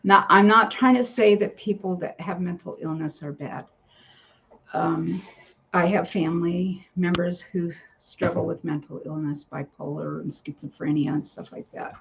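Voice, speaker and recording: A woman's voice: lowish voice, steady tone, moderate pace, vocal fry, fairly bright tone, a little hiss or hum. A woman vlogger telling a personal story in a rambling, casual way, breaking off now and then to talk to her cats at home. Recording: dull lo-fi home recording.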